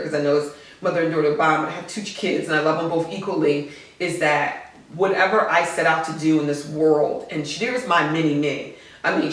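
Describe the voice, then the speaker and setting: A woman in her forties, a podcast guest, talking in a heartfelt, earnest and outspoken way as a mother. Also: lowish voice. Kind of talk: casual podcast chat. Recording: echoey room, distant mic.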